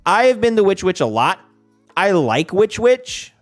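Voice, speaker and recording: A man's voice: high-pitched, sing-song, unhurried, faint music behind. A man streaming casually, rambling and swearing, with a lot of "like" and restarts. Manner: rambling and profane, heavy use of "like". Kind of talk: casual livestream chat.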